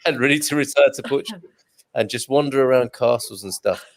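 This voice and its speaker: A man's voice: mid-range voice, a little fast. A man in his forties hosts a wine club chat, joking and wandering into rambling asides. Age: 40s. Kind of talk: casual online group chat.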